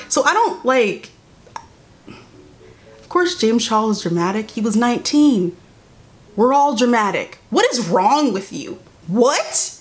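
Reading a statement aloud, a young woman on a commentary YouTube channel reacts with incredulous sass, alternating high exclamations with muttered asides.

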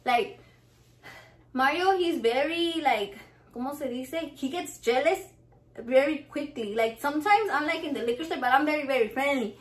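A woman vlogger telling a story in a blunt, profane, animated way, acting out what people said. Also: high voice, moderate pace. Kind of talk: casual storytime vlog.

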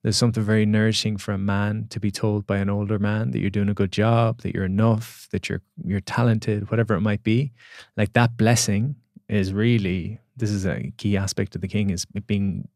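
Male podcast guest, low voice, thoughtful storyteller, dry close sound. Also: steady tone, normal speed, creaky, darkish tone, no room sound. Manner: reflective, storytelling, many restarts. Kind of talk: casual podcast conversation.

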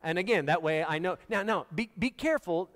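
Joking, conversational pastor in a reverberant church. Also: male voice, high voice, a little fast, a bit bright. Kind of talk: sermon. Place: church sanctuary.

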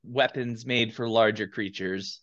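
A man running a tabletop game as game master, narrating with many pauses and fillers. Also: on the low side, steady tone, fairly bright tone, dry recording. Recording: dull lo-fi, dry.

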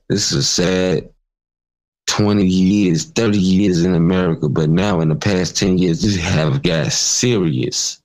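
A man's voice: low-pitched, poor audio. A man hosting his own channel, delivering an angry, profane, mocking commentary rant. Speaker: channel host. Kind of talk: ranting commentary vlog.

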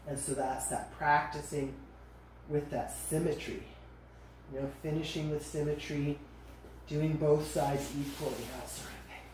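Woman yoga teacher, calm gentle cueing, slightly low voice, mic at a distance. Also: measured pace. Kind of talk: guided yoga class instruction. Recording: echoey room, voice from a distance, faint noise.

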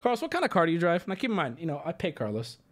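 A man's voice: a little high, very animated, rapid-fire. A man hosting a livestream, telling a story to his chat in a heated, profane rant. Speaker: livestream host. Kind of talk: casual ranting to chat.

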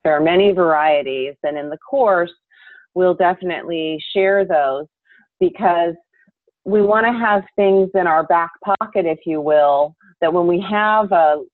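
A woman yoga teacher giving calm, measured, instructive answers in an interview over a remote call. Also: lowish voice, dry recording. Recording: tinny dry call audio.

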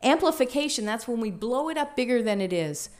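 A woman trainer leading a workshop, talking in a lively, conversational way and asking the room questions. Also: fairly high pitch, brisk. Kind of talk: teaching a workshop.

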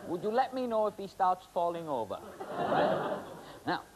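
A middle-aged man doing comic stage patter with volunteers as a magician host, chatty and teasing with many fillers. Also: on the high side. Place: TV studio stage with live audience. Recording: hissy 1980s TV broadcast.

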